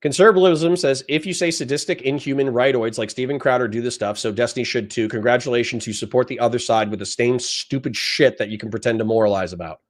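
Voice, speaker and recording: A man's voice: medium pitch, fast talker, few pauses. A man on a livestream reading chat comments aloud and answering them in a blunt, profane, lecturing rant.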